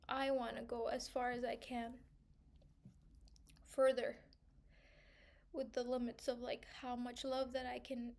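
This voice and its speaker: A young woman speaks in a high voice in a personal vlog monologue. She is reflective and searching, pausing often and filling gaps with "like." At times she sounds tearful. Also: level tone, vocal fry, darkish tone. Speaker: vlogger.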